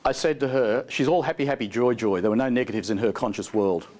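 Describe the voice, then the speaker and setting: A man's voice: medium pitch, expressive, quick pace, darkish tone. A man presenting a live seminar, a chatty, jokey storyteller who laughs often and asks the audience questions. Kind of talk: live seminar talk with anecdotes. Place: seminar hall before an audience.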